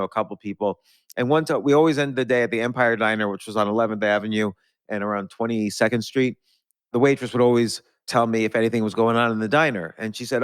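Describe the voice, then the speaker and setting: This podcast host, a middle-aged man, wanders through lengthy conversational stories, often restarting and laughing along the way. He speaks in a clear, resonant mid-range voice, captured dry and at studio quality.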